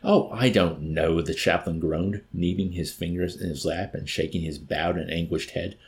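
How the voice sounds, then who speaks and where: A man reading a novel aloud as an audiobook narrator, measured and expressive. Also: low-pitched. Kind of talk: scripted narration.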